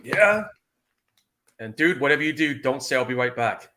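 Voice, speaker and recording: A man co-hosting a casual movie commentary podcast, laid-back and profane, quick to laugh along. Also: mid-range voice, animated, sharp tone. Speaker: podcast co-host.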